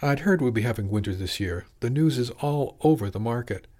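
A man's voice: mid-range voice, lively intonation, a little fast, mellow, lightly acted. A man voicing a restless thirteen-year-old boy who talks in a wry, sulky way in an audiobook.

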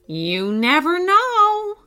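A woman's voice: very high-pitched, huge pitch swings, very slow, sharp tone, pitched above the performer's own voice, exaggerated voice. A woman voicing a flustered, stammering old man who pleads and frets, for a children's storybook. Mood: hopeful.

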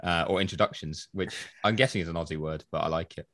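Low-voiced man reading reviews wryly. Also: steady tone, fast, fairly bright tone, dry recording, studio quality. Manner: wry, reads listener reviews aloud. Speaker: podcast co-host. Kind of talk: casual chat.

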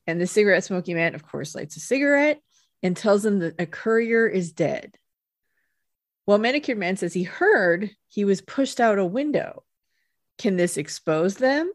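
A woman's voice: mid-range voice, no room sound, clean studio sound. A woman co-hosting a podcast, recapping a TV episode in an easygoing way with wry asides and frequent laughs. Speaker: podcast co-host. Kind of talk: casual chat recapping a TV episode.

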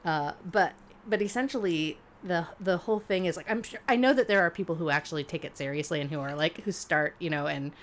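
Chatty lower-voiced woman co-host. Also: brisk. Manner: chatty storyteller, laughs while talking. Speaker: podcast co-host. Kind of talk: casual chat.

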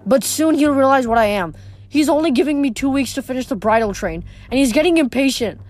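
A woman voicing a frightened young male satyr, high and pleading. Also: lively intonation, brisk, a little mellow, soft background music. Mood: pleading, frantic.

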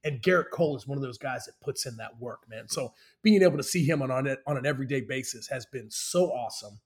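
A man's voice: medium pitch, fast talker. A man who plays professional baseball, talking enthusiastically in a casual sports chat and calling his host "bro". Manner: enthusiastic, says "bro" a lot. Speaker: professional baseball player, guest.

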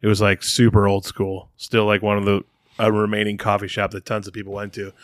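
A man co-hosting a casual podcast chat, easygoing and quick to laugh. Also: on the low side, monotone, no echo, studio quality. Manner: easygoing, laughs often, agrees readily. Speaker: podcast co-host.

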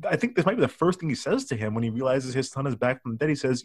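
A man's voice: medium pitch, animated, rapid-fire, no echo, clean studio sound. A man co-hosting a casual movie review podcast, joking and acting out lines from the film in mock voices. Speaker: podcast co-host.

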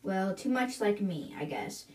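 Woman reading as a tired formal old headmaster, measured, echoey room. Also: medium pitch, animated, darkish tone, natural voice. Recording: roomy, distant from mic.

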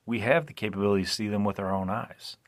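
A man's voice: on the low side, quick pace. A man hosting a podcast, recapping a movie in a casual, rambling way, often restarting and asking listeners "right?". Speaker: podcast host.

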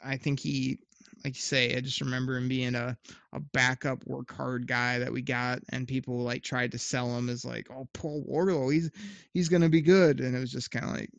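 A man co-hosting a sports podcast, rambling through his memories with plenty of restarts and the odd laugh. His voice has a gravelly fry, recorded dry and close. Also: mid-range voice, monotone, moderate pace, a bit bright, no echo, highs cut off. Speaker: podcast co-host. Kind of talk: casual sports chat.

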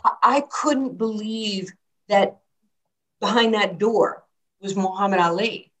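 A New York woman who coaches basketball tells stories in an interview, animatedly acting out the lines she quotes. Her medium-pitched voice takes things slowly, and the audio quality is poor.

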